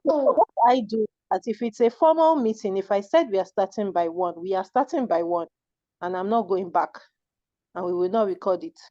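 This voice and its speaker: A woman's voice: mid-range voice, normal speed, dark tone, dull audio. A woman on an online call who speaks firmly and then leads a fervent closing prayer. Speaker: community member leading prayer. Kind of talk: emphatic comment and closing prayer. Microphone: video call.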